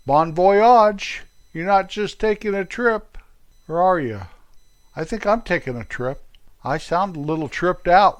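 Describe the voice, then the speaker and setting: An older American man telling light, joking stories on his own show, now and then squeaking out mock French exclamations. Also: animated, a little slow. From United States. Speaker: podcast host. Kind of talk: humorous storytelling monologue.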